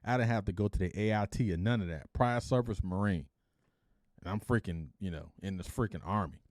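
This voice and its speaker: A middle-aged man from Detroit, hosting a podcast and telling his own life story in a casual, animated way, acting out the dialogue and peppering his speech with "freaking". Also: on the low side, a little fast, no echo, studio quality. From Detroit, United States.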